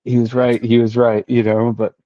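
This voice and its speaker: A man's voice: mid-range voice, level tone, normal speed, dark tone, no echo. A man as a podcast guest, laid-back and casual, leaning on "you know" and "like". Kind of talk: casual chat. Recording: dry, dull lo-fi audio.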